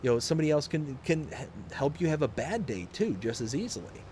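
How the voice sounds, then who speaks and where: A man's voice: a little high, expressive, brisk, darkish tone, slight background noise. A young man from the US South hosting a live game stream, chatting casually and reading chat messages aloud in an upbeat, rambling way. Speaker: livestream host.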